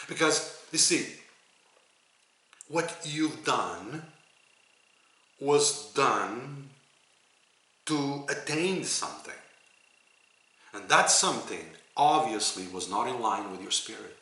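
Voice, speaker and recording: A man giving a spiritual teaching and guiding listeners through a gentle, earnest, repetitive prayer. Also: medium pitch, expressive, slow, long pauses, reverberant. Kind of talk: slow guided prayer talk.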